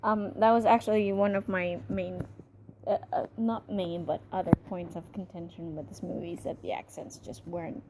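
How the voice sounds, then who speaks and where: A woman's voice: lowish voice, fairly even intonation, moderate pace, heavy background noise. A young woman giving a casual, gushing film review, chatty with many fillers and restarts. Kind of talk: casual spoken movie review.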